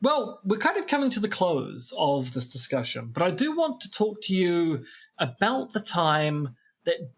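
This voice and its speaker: A man's voice: sits high, big pitch swings, unhurried, vocal fry, breathy edge. A man co-hosting a podcast, reading from a book with dry, wry asides. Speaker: podcast co-host. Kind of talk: reading aloud from a book in casual chat.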